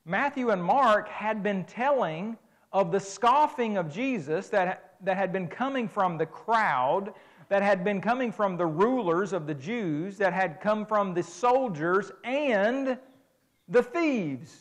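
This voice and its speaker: High-voiced middle-aged man preaching. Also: lively intonation, slow pace. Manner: conversational, emphatic, restarts phrases. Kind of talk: sermon lecture.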